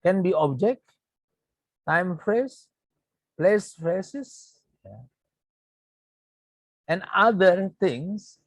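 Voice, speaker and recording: A man with an Indonesian accent teaching English grammar in an online lecture. He talks slowly and repeats points, checking in with a frequent "yeah". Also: mid-range voice, no echo.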